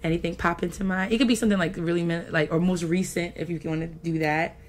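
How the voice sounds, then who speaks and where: A woman co-hosting a podcast, asking her guests questions in a relaxed, chatty way full of filler words. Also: on the low side, fast talker. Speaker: podcast co-host. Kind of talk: casual chat interview.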